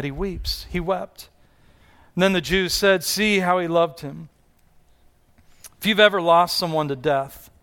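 A man's voice: on the high side, a bit bright, clean tone. A man in his thirties giving a conversational sermon as a pastor in a large church, often repeating words as he restarts a thought. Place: large church hall with congregation.

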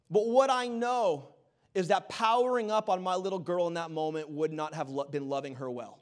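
A male pastor in his thirties delivers a sermon with a light, high voice. He tells a family story in an animated way and jokes at his own expense. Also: moderate pace. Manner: animated storytelling with self-deprecating humor.

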